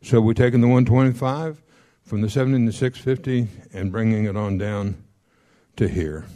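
A man teaching a class on paying off debt, folksy and joking, checking in often with his listeners and rattling off figures quickly. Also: mid-range voice, warm tone. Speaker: financial counselor teaching a class. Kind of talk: classroom lecture on debt repayment.

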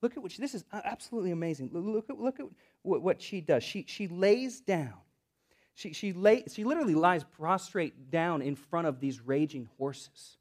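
A man with a Southern US accent preaching a sermon as pastor, swinging between loud, fervent bursts and hushed asides. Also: high voice, animated, moderate pace.

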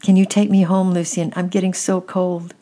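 A woman's voice: rumbling low, little pitch movement, measured pace, gravelly, a little mellow, exaggerated voice. A woman reading a frightened, cold little mountain girl in a small, shaky, pleading voice.

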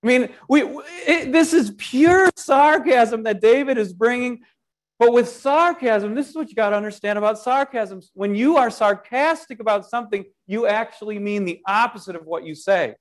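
A pastor preaching a sermon, leaning on key words and speaking playfully and directly to the congregation. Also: male voice, very high-pitched, moderate pace. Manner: emphatic, lingering on key words.

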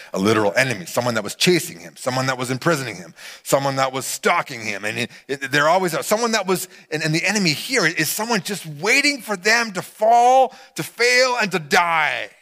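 A middle-aged man preaching a sermon, animated, acting out quotes and swinging between loud and hushed delivery. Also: medium pitch. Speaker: pastor.

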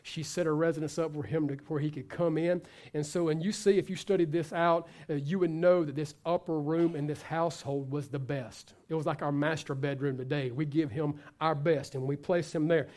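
High-voiced man preaching a sermon. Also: fairly even intonation, fairly quick, darkish tone. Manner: emphatic preaching with frequent repetitions and restarts. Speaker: pastor.

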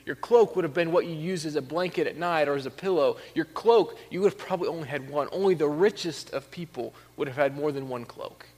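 Male preacher, fairly high voice, conversational sermon with emphatic peaks, long hall reverb. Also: quick pace, few pauses, a little mellow. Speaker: pastor.

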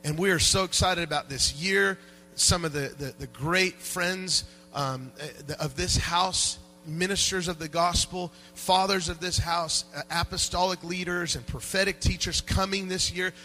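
Animated preacher with a bright voice. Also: male voice, sits high, moderate pace, soft background music, low-quality recording. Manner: animated, swings from quiet asides to loud shouted peaks; conversational and joking with the congregation. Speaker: pastor. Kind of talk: sermon. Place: church sanctuary.

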